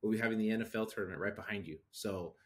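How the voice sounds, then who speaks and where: Man, thirties, podcast co-host, lively storyteller, acts out quotes, slightly low voice. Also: racing. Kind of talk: casual chat.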